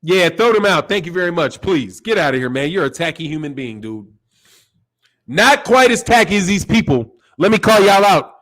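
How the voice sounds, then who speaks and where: A man hosting a boxing channel, giving animated, profane opinion commentary and acting out quoted voices. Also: high voice, normal speed, low-quality recording. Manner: animated, acts out quoted voices, curses freely.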